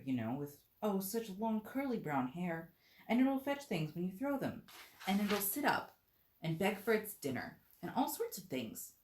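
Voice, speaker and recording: A woman's voice: medium pitch, darkish tone, voice pushed up, close to an everyday voice. A woman voicing Alice as a polite, eager young girl in a storybook reading. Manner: eager, earnest, slightly prim. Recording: roomy echo.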